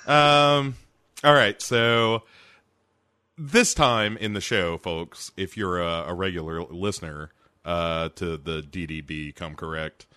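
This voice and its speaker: An American man speaks slowly in a lowish voice with a bright, forceful edge, hosting a podcast with dry, teasing remarks. The sound is close and dry. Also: steady tone, clear, resonant tone, no echo. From United States. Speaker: podcast host. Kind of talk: casual podcast chat.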